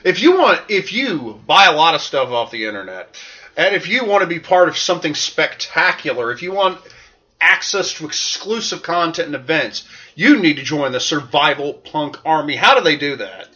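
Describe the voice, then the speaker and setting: A man co-hosting a loose, rambling podcast, talking in a bright, forceful voice that sits a touch high for a man. He is from the American South but speaks with no regional accent. The sound is dull and lo-fi. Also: big pitch swings, moderate pace. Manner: rambling, jokey, filler-heavy. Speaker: podcast co-host. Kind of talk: casual podcast chat.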